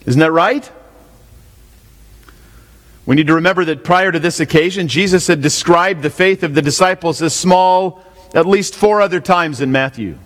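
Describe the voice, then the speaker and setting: Man, pastor, sermon, somewhat high pitch, asks listeners questions, repeats points, reverberant hall. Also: moderate pace, pauses often, a bit bright. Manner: asks the congregation questions, repeats key lines. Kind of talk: expository sermon.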